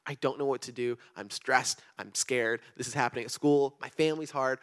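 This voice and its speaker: A young youth pastor preaches a sermon to students in a church room, earnest and conversational with many fillers. His mid-range, fairly bright voice has fairly even intonation, and he speaks fairly quickly with hardly any pauses.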